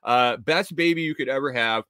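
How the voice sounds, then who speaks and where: A man voicing a chatty young mother who gushes about her new baby in a raised, drawn-out voice. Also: rumbling low, fairly bright tone, dry recording, studio quality. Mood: gushing.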